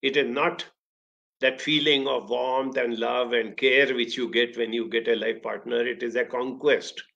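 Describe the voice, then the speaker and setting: A man tells stories in an emphatic, conversational way while giving a motivational talk. His voice is gravelly and sits at a middle pitch. The recording sounds dull and lo-fi. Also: steady tone, measured pace, a bit bright. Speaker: speaker, talk host.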